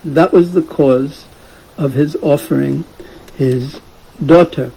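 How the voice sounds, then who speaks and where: A man's voice: fairly high pitch, slow pace, vocal fry, low-quality recording. A man teaching a scripture class, retelling a story in a casual way and asking the class questions. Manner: gentle, asks the class questions, chuckles.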